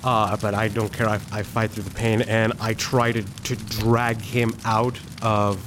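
A man's voice: on the low side, level tone, measured pace, background noise. Hesitant man playing a tabletop game. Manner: hesitant, emotional, many fillers and restarts. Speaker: player.

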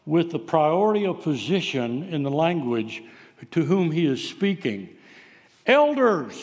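A man's voice: a little high, a little mellow, long reverb tail. A man preaching a sermon, telling stories in a folksy way with frequent filler sounds. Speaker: pastor.

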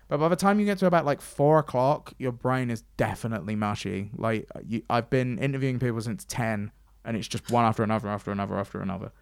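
A man telling convention stories in casual chat, acting out quoted lines in a higher voice. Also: fast, clear, resonant tone, dry recording, studio quality. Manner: chatty storyteller, acts out quotes in a higher voice. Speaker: podcast host and stage host.

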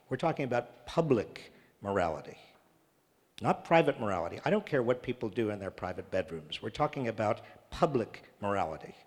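A man speaking at a public talk and answering audience questions, earnest and emphatic, repeating phrases for stress. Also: lowish voice. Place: large church hall. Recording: reverberant church hall.

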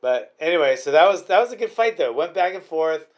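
A podcast host chats casually about fights in a voice a touch high for a man, with lively intonation and a brisk pace. He rambles and restarts his sentences a lot, and there's slight background noise.

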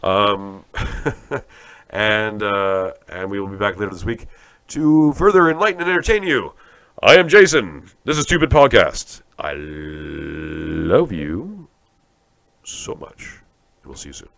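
A man's voice: lowish voice, sing-song, normal speed, a bit bright, clear, resonant tone, dry recording. A man from Canada hosting a podcast, rambling through a profane, sarcastic comic rant. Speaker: podcast host.

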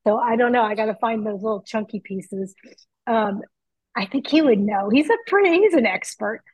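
A middle-aged woman chatting excitedly from her home kitchen over a video call, through earbuds. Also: fairly high pitch, moderate pace, breathy edge, dry recording, muffled recording. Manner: chatty, excitable, laughs easily. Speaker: guest.

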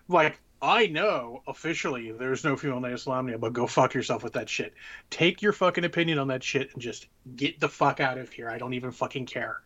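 A man's voice: mid-range voice, quick pace, pushed and bright, highs cut off. A man co-hosting a casual podcast chat, blunt and full of profane rants. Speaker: podcast co-host.

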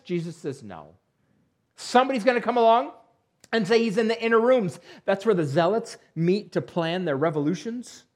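A man's voice: sits high, sing-song, moderate pace. A man preaching a sermon to his congregation, conversational with dry asides and emphatic rhetorical questions. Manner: conversational with dry asides and self-deprecating humor. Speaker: pastor.

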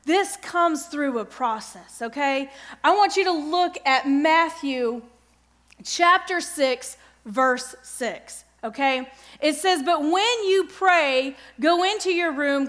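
A middle-aged woman giving an earnest devotional Bible teaching, often pausing to check in with her listeners. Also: high-pitched, lively intonation, a bit bright. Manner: earnest, keeps checking in with "okay?".

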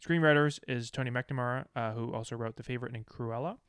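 A man hosting a casual podcast, upbeat and quick to laugh, reading off lists of facts. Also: medium pitch, a bit bright, clear, resonant tone, dry recording, clean studio sound. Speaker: podcast host. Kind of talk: casual chat.

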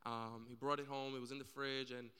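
Man, church panel speaker; earnest storyteller, crisp tone, reverberant hall. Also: mid-range voice, flat delivery, a little fast, sharp tone. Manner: earnest storytelling, acts out quoted voices.

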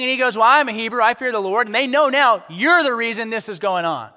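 Guy preaching a sermon, kinda high bright voice, lively, acts out the bits he quotes. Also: fast, hardly any pauses, big-room sound. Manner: animated, acts out quoted characters. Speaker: pastor.

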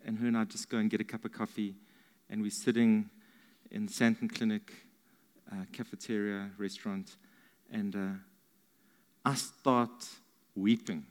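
A man's voice: medium pitch, bright, forceful tone, big-room sound. A man telling his side of a faith story, encouraging and a little self-deprecating. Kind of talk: personal faith testimony.

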